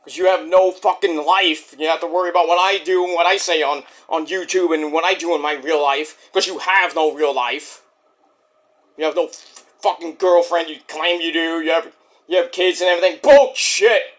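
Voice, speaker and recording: A man's voice: fairly high pitch, fairly even intonation, moderate pace, a bit bright. A male wrestling vlogger in an angry, profane rant, combative and repetitive.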